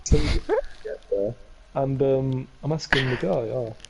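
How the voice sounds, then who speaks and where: A man's voice: mid-range voice, measured pace, gravelly. Young male podcast co-host, chatty rambling storyteller, noisy recording. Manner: rambling, restarts and self-corrections. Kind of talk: casual storytelling. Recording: noticeable background noise.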